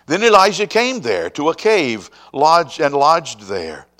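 A man preaching a sermon to a congregation, rising to ringing emphasis and then dropping to a quiet hush. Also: a little high, huge pitch swings, unhurried. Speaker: pastor.

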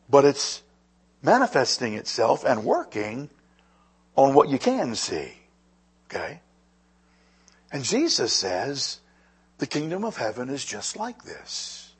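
Raspy-voiced man preaching a sermon. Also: medium pitch, huge pitch swings, takes it slowly, pauses often. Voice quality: husky. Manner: dynamic preaching, swinging from quiet to loud. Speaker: pastor.

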